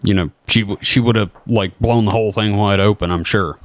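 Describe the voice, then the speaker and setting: A lower-voiced man with a Southern US accent co-hosts a casual podcast. He drops in wry, sarcastic remarks as the talk goes on. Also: fairly even intonation, brisk. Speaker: podcast co-host. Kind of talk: casual chat.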